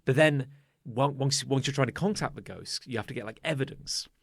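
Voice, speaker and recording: A man co-hosting a podcast, telling animated stories in casual chat and swearing freely. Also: mid-range voice, brisk, vocal fry, dry recording, clean studio sound. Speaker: podcast co-host.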